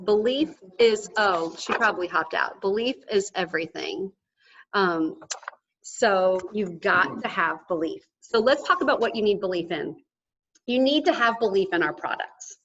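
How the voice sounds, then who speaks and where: A woman giving an energetic motivational talk to a live audience, emphatic and often checking in with "okay?". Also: mid-range voice, slightly rough, lo-fi sound. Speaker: motivational speaker at a sales event.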